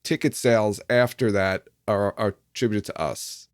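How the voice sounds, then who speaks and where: A man hosting a podcast in relaxed casual chat, laughing easily. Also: on the low side, moderate pace, dry recording, clean studio sound. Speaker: podcast host.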